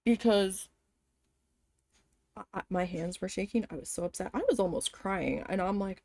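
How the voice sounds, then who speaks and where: This woman has a gravelly, medium-pitched voice at a moderate pace, with no room sound. As a vlogger doing storytime while embroidering, she vents about an old job, swearing freely and mimicking the voices of the people involved.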